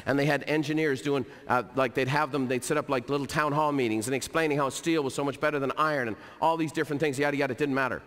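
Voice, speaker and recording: Middle-aged man as a keynote speaker, lively storytelling, slightly high pitch, long hall echo. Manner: energetic, storytelling, repeats for emphasis. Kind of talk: motivational business talk. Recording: hall reverb.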